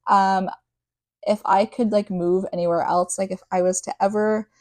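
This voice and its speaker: A young woman talks through a book chapter in a loose, rambling podcast style, full of filler words and tangents. Her voice is mellow and soft-edged, and the recording is dry and close with little room sound. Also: mid-range voice, little pitch movement, moderate pace, no room sound. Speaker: podcast host. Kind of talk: casual book recap podcast.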